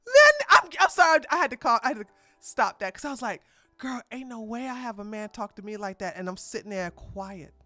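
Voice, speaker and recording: A woman streamer with a fairly high, bright, forceful voice delivers casual reaction commentary. She talks bluntly and with heavy emphasis. The sound is close and dry. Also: sing-song, fairly quick, dry recording, faint music behind. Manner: blunt, emphatic, slangy preaching.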